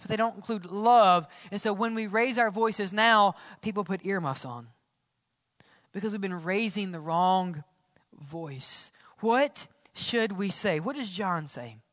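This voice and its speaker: A man preaching a sermon as pastor in a church, swinging between loud calls and hushed, whispered lines. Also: high voice, dry recording, studio quality, long reverb tail.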